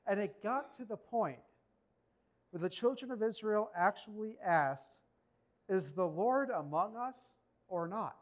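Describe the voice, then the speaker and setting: A man with a high voice delivering a sermon. He talks in a conversational, animated way and keeps turning to the listeners with rhetorical questions. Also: measured pace. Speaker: preacher.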